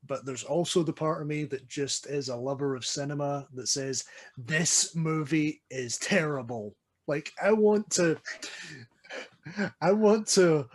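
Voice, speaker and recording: Scottish guy on a movie podcast, kinda high voice, really fired up and emphatic. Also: darkish tone. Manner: emphatic, impassioned ranting. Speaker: podcast co-host. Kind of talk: casual film chat.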